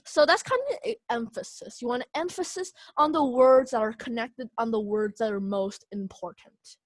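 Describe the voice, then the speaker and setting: A woman's voice: a little high, moderate pace, few pauses, no room sound. A young woman teaching an online speech class, casual with many fillers. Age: young adult.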